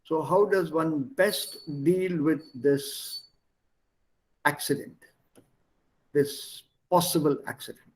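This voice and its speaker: Man, language teacher, slightly high voice, slow and deliberate, video-call class. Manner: slow, explains word by word, switches between languages.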